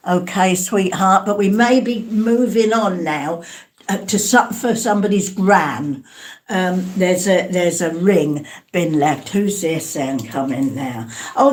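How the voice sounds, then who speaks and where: A woman giving a live spirit mediumship reading, hesitant and calling her listeners darling and sweetheart. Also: medium pitch.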